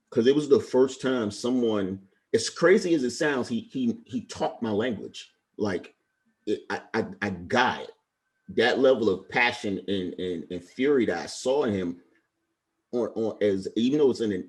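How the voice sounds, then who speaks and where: His voice sits on the low side with a darkish tone. He's a retired Navy chief in his forties, a Brooklyn native, telling stories with earnest passion during a casual interview.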